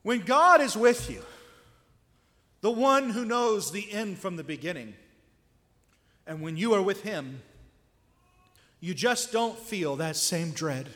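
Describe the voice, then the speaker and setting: Male preacher, conversational sermon with rhetorical questions, unhurried delivery. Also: high-pitched, animated, fairly bright tone, long reverb tail.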